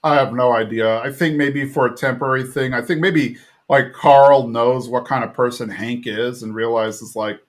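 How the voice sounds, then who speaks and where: A man hosting a podcast, walking listeners through an episode in a loose, chatty way. He leans on fillers as he goes, his voice sitting at an ordinary middle pitch. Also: moderate pace. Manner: chatty retelling full of fillers. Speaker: podcast host. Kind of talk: casual episode recap.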